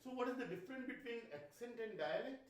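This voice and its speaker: A man's voice: extremely high pitch, animated, fast talker. A man giving a university lecture to a class, asking questions and repeating phrases. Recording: echoey classroom, speaker far from mic.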